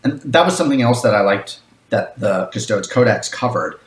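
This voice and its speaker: A man's voice: fairly low pitch, animated, moderate pace. A man co-hosting a podcast, plainly explaining background details in a casual chat. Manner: explains lore plainly, adds brief agreements. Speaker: podcast co-host. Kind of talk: casual book discussion. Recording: roomy echo.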